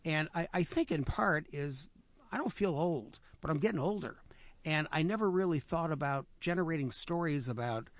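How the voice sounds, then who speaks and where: A man telling personal stories on a radio talk show, halting and reflective, with many repeated words. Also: on the high side, lively intonation, no room sound. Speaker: storyteller guest. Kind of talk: radio conversation. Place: radio studio.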